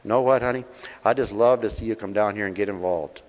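A man's voice: fairly low pitch, fairly quick. Folksy preacher man, echoing hall. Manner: folksy, coaxing, calls listeners honey, call-and-response questions. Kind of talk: folksy sermon. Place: mission hall. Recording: dull reverberant hall recording.

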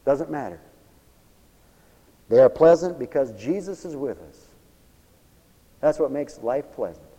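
A man preaching a sermon, swinging from low murmured asides to loud emphatic bursts. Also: lively intonation, unhurried, pauses often, slightly rough. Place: church, also broadcast on radio. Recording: long hall reverb.

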